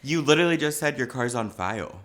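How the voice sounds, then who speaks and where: A man's voice: mid-range voice, lively intonation, fast talker, a bit bright. A young man co-hosting a podcast in a casual chat, mostly giving short, dry reactions and quips. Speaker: podcast co-host.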